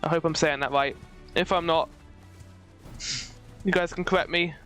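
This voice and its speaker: A woman giving playful, excitable let's-play commentary between reading game dialogue aloud. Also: sits low, normal speed, soft background music. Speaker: game streamer.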